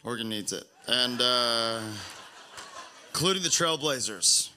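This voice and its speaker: Bright-voiced young man preaching casually. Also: mid-range voice, animated, a little slow, slight background noise. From Pacific Northwest US. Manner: casual, rambling with many fillers and restarts. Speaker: pastor. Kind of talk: sermon.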